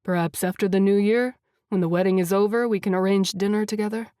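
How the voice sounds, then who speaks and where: A woman voicing a confident wealthy man with a deep voice, smooth and assured in an audiobook. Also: steady tone, a little fast, dark tone, no room sound, studio quality, natural voice. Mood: assured, flirty.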